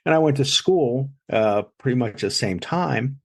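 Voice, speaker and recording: A man's voice: medium pitch, lively intonation, measured pace, vocal fry. A man, a chef and food blogger, chatting as a guest, telling stories in a rambling way full of fillers and restarts. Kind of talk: casual storytelling in an interview. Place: lives in South Jersey.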